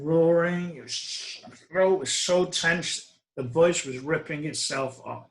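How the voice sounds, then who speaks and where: A middle-aged man with a mid-range, fairly bright voice tells a personal story in a reflective, wry manner, restarting hesitantly at times. The recording quality is low.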